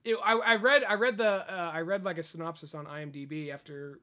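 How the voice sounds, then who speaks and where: A young podcast co-host with a high, bright voice. He stumbles over his words, corrects himself, and slips in crude jokes in a relaxed chat. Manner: halting, self-correcting, mumbles asides, cracks crude jokes. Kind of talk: casual chat.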